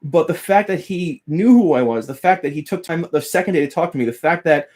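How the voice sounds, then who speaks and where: A young adult man with a slightly high voice tells a story to his viewers in a casual, eager way. He laughs often and acts out what others said. He sounds thrilled. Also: fairly quick. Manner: animated, laughing, quoting others with voice changes. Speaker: guitar teacher and YouTuber.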